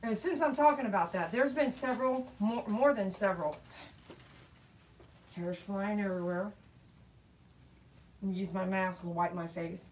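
A middle-aged woman and dog groomer chatting casually while she grooms, telling animated stories and laughing often. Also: mid-range voice, recorded from a distance, slight background noise, low-quality recording. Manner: chatty, animated storytelling with quoted voices.

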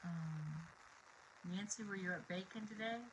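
A woman's voice: fairly low pitch, a little slow, background noise. Bubbly chatty middle-aged woman host. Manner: bubbly and chatty, with many fillers. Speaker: card-making live stream host. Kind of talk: chatty live stream talk to viewers. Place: home craft room.

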